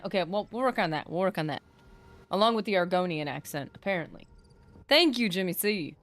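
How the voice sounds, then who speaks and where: A woman's voice: on the low side, expressive, a little fast, fairly bright tone. A woman live-streaming a video game who chats playfully with her viewers and rambles about quests. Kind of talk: live gaming stream chat.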